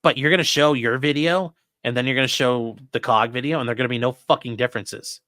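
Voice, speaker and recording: A man's voice: mid-range voice, fairly even intonation, quick pace, bright, forceful tone, no echo, studio quality. A man hosting live legal commentary, talking bluntly and with lots of swearing. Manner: blunt, profane, exasperated. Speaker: lawyer and commentary host.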